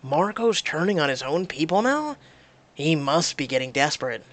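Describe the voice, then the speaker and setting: Woman doing an earnest young man, lowered. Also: lively intonation, moderate pace. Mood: curious.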